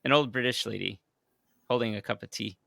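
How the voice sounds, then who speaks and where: A man's voice: fairly low pitch, brisk, creaky, sharp tone, no room sound, studio quality. A man co-hosting a podcast, joking hesitantly with chuckles. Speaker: podcast co-host. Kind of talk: casual banter.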